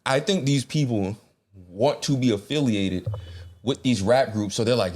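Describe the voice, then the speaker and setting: A man's voice: medium pitch, normal speed, darkish tone. A man co-hosting a podcast in loose, slangy, joking chat. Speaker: podcast co-host. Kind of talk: casual chat.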